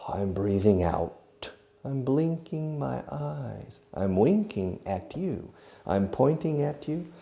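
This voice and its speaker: A man who speaks English natively, teaching a beginner English lesson, acting out each verb as he names it and adding quick translations. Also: lowish voice, creaky, warm tone. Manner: acts out each verb while naming it, slipping in quick translations.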